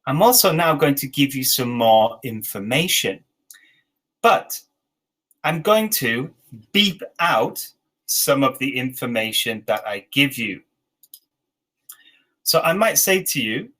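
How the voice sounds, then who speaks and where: A man in his forties with an English accent, leading an online teacher training session with slow, clear dictation and encouraging feedback. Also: medium pitch, expressive, bright, forceful tone, poor audio. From England. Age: 40s.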